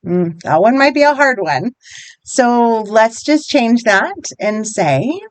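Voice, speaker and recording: A woman gently guides listeners through a tapping routine, one encouraging step at a time. Her voice sits a bit high and moves with lively melody at an unhurried, slow pace. The sound is close and dry. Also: dry recording. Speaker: EFT wellness guide.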